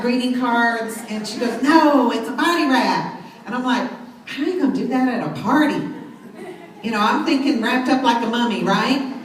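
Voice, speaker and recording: A middle-aged woman speaks on stage at a sales event, telling stories with lively enthusiasm and calling out to the crowd. Her voice sits a little high. It rings in a very echoey hall, picked up from a bit away, with faint noise underneath. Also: recorded from a distance. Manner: enthusiastic, storytelling, addresses crowd. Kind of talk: motivational talk on stage.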